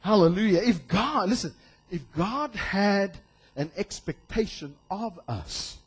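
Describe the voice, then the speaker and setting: A male pastor preaching a sermon in an animated way, acting out voices and shouting for emphasis. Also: high voice, slow pace, husky.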